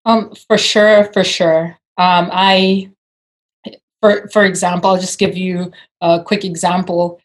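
A woman guest with an African accent, speaking thoughtfully with pauses. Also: lowish voice, little pitch movement. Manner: thoughtful, hesitant with fillers and laughs. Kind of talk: casual conversation.

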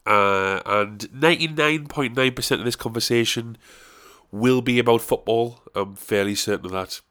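A man's voice: mid-range voice, normal speed, fairly bright tone. A young man hosting his own podcast, giving a casual, rambling, self-deprecating solo introduction with jokes. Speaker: podcast host.

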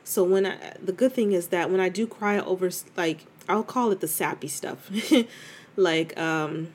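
A woman's voice: fairly low pitch, normal speed, a little mellow, husky. A middle-aged woman talking candidly and conversationally as a host, speaking straight to her listener and calling her "girl". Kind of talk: casual confessional talk.

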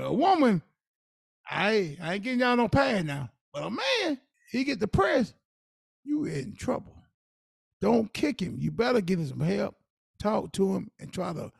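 A man's voice: sits high, gravelly, husky, dry recording, studio quality. A man co-hosting a podcast, giving earnest, preachy advice in casual talk. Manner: earnest, preachy advice with Southern Black vernacular. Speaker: podcast co-host.

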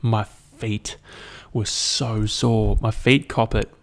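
Low gravelly rambling man. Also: little pitch movement, takes it slowly. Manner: rambling, sweary, self-deprecating. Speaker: podcast host. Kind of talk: casual solo podcast chat.

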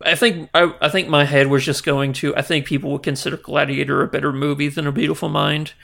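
A young man co-hosting a movie podcast, rambling with many restarts and quick laughs, easily moved. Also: on the high side, level tone, vocal fry, pushed and bright. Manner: rambling, restarts, laughs often, gets emotional. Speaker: podcast co-host. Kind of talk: casual movie chat.

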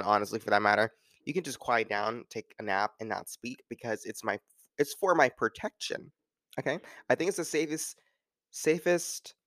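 A man's voice: medium pitch, fairly bright tone, no room sound, clean studio sound. A man hosting a solo talk, rambling casually and filling gaps with "like" and "you know". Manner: rambling, filler-heavy with frequent "like". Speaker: podcast host.

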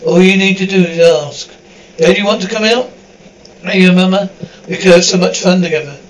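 A man's voice: sits high, moderate pace, a little hiss or hum, lightly acted, low-quality recording. A man reading the part of an obsessive, doting middle-aged mother who pleads and coaxes. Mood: pleading. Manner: pleading, cloying.

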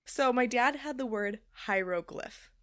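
A young woman co-hosting a podcast, telling a story in casual chat and acting out the quotes with loud, animated energy. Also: fairly high pitch, unhurried. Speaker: podcast co-host.

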